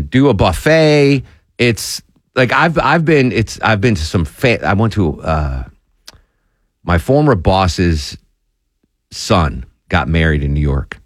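A male radio host in his forties with a low voice that swings widely in pitch as he tells stories. His talk is loose and rambling, full of restarts. The sound is dry and close to a studio mic. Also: dry recording. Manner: animated storyteller, rambling with restarts. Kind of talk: casual talk radio banter.

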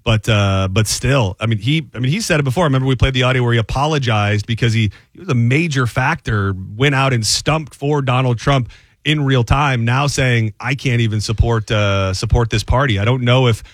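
A man's voice: mid-range voice, brisk, no echo. A man hosting a radio talk show, chatting loosely with many fillers and restarts.

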